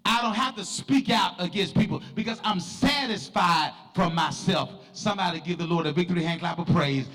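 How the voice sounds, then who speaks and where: A middle-aged man, preaching an emphatic sermon as pastor and often shouting in a preaching cadence. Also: high voice, normal speed, few pauses. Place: church sanctuary. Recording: long church reverb with faint music.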